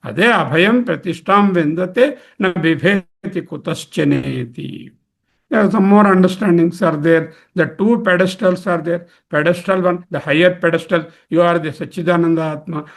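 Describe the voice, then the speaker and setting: A man with an Indian English accent teaching a study circle, chanting verses and then explaining them slowly and with emphasis. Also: high voice, vocal fry. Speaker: spiritual teacher.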